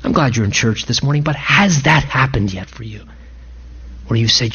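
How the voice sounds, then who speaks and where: A man's voice: medium pitch, moderate pace, sharp tone, breathy edge, lo-fi sound. A man pastor giving an earnest, impassioned sermon in church, pleading with his listeners.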